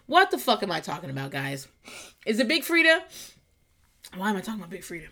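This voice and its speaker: A woman hosting a casual solo podcast, rambling and swearing, laughing often and jumping into squealing high voices when she quotes people. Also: sing-song, fast, creaky, long pauses, a bit bright. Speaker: podcast host. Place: garage.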